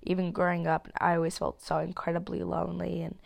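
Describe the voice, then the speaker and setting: A woman's voice: on the low side, completely flat delivery, fast talker, vocal fry. A nineteen-year-old woman hosting a solo podcast, rambling candidly with plenty of fillers and casual swearing while getting over a cold. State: sick with a cold. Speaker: podcast host.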